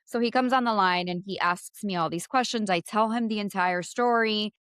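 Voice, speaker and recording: A woman in her thirties with an accent, co-hosting a podcast and telling a story in casual chat, animated and profane, acting out both sides of phone calls. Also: mid-range voice, moderate pace, smooth, no room sound, studio quality. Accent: non-native English. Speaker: podcast co-host.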